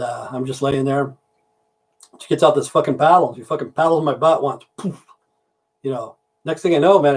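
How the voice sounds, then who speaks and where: Man, trucker, livestream host, crude rambling storyteller, heavy swearing, somewhat high voice. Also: breathy edge. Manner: crude, profane, rambling joke-telling.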